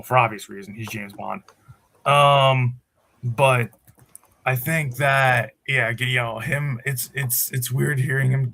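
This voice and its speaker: A man's voice: mid-range voice, gravelly, fairly bright tone. A man co-hosting a podcast, giving a rambling, opinionated take in casual movie review chat. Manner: rambling, opinionated, many restarts. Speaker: podcast co-host.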